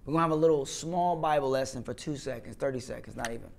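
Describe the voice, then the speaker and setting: A man's voice: mid-range voice, fast, gravelly. A man, a comedian and actor, talking as an interview guest in an emphatic, repetitive, preaching way, often asking "you know what I'm saying". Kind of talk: casual interview talk, preaching tone.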